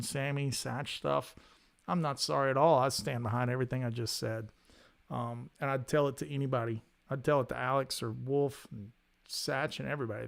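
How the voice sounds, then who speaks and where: A man, hosting a casual guitar livestream, talking in an animated, rambling way and often repeating his words. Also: medium pitch, creaky. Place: home studio.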